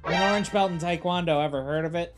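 A man's voice: a little high, fast talker, over music. A man co-hosting a slots stream, trading teasing, mock-tough jokes in casual banter.

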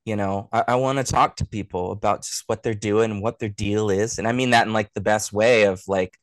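A man's voice: fairly low pitch, steady tone, brisk, no echo. A man in his thirties, a guest on a podcast, chatting casually and rambling with many fillers and restarts. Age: 30s. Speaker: guest, production sound engineer.

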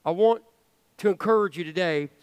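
A man's voice: high voice, normal speed, clean tone, no echo, big-room sound. A male pastor preaching a sermon in a church, earnest and conversational, with playful asides. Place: church sanctuary.

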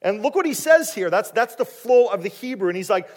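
A man preaching a sermon, animated and dramatic, acting out the people in the story and dropping quiet for questions to the listeners. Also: fairly quick. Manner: animated, acting out quoted voices with big swings in pitch and loudness. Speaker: pastor.

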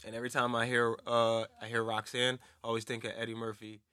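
A man's voice: mid-range voice, completely flat delivery, quick pace, bright, forceful tone, smooth, no echo, studio quality. A man co-hosting a casual podcast, joking loosely, laughing often and swearing freely. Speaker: podcast co-host. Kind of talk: casual banter.

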